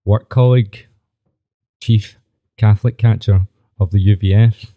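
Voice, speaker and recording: A man's voice: fairly low pitch, fairly even intonation, measured pace, no room sound. A young man hosting a podcast in a teasing, chummy way, chatting with his best mate. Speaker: podcast host. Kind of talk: casual chat. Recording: dull, dry lo-fi sound.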